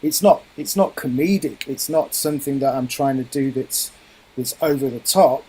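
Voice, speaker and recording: A middle-aged man with a husky, slightly rough voice speaks in a radio interview. He talks as a guest musician, thoughtful and explanatory. His pitch sits at an ordinary middle level. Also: normal speed, dark tone, low-quality recording.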